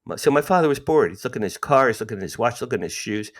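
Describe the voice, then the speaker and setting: A man's voice: medium pitch, expressive, rapid-fire. A man in his sixties from New Jersey, a podcast guest telling his stories animatedly, acting out the dialogue and repeating himself for emphasis. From New Jersey, USA. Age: 60s. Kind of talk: storytelling interview.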